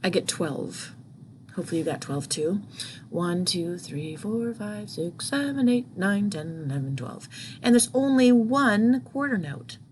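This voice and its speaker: Woman music teacher, patient step-by-step explaining, computer mic, faint hiss behind. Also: fairly low pitch. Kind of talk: online music lesson. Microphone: computer mic at a desk.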